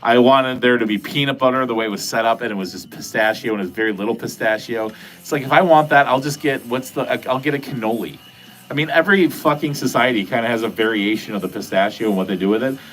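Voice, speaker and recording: A man's voice: medium pitch, fast talker, fairly bright tone, slight background noise. Rambling, profane livestream host man. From New England. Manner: rambling, profane, jokey, talks to chat. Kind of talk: casual livestream chat. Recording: faint music behind.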